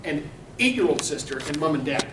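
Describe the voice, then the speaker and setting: A man's voice: on the high side, very animated, brisk, noisy background. A man running a convention's charity auction, telling crude, mocking stories to a live room. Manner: brash, mocking, storytelling with laughs. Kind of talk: crude comedic auction warm-up. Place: convention hall. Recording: echoey hall recorded from far off.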